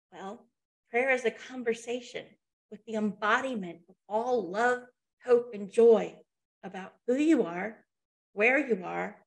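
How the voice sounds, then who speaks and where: A woman presenting a motivational webinar, talking conversationally and checking in with her listeners as she tells a story. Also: on the high side.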